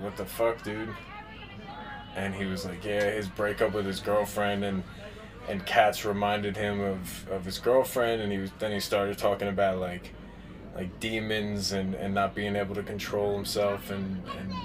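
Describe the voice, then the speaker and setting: A young man telling a personal confession in a halting, casual way, with many fillers and restarts. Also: lowish voice, fairly bright tone. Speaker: caller confessing a story.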